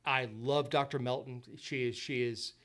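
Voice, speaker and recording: A man's voice: medium pitch, little pitch movement, moderate pace, a bit bright. Earnest, stammering man. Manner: repeats words and restarts often. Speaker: podcast guest. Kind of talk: earnest conversational storytelling.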